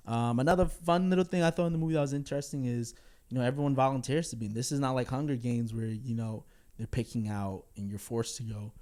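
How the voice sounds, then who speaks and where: Man, casual movie vlog, rambling and chatty, mid-pitched voice, lots of fillers. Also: darkish tone. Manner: chatty, frequent ums and likes, laughs between words. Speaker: film vlogger. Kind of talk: casual spoken film review. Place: after a cinema visit.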